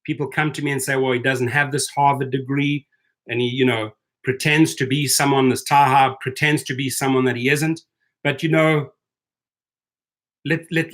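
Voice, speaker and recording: This man, who hosts a channel for rideshare drivers, has a medium-pitched voice with a fairly bright tone. He rants heatedly on a livestream while reading chat, stammering and restarting as he goes.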